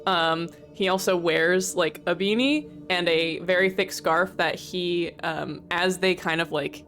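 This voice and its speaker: A woman's voice: on the low side, measured pace, soft background music. A woman playing a tabletop game, describing her character in loose, rambling casual talk. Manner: excitable, swears a lot, rambling descriptions. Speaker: player.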